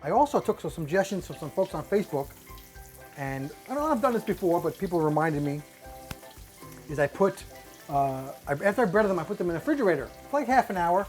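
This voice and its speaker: A man's voice: sits high, lively intonation, fast, soft background music. An older man casually talking through a cooking demo, rambling and hesitant, with self-deprecating asides. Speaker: cook on a fishing show.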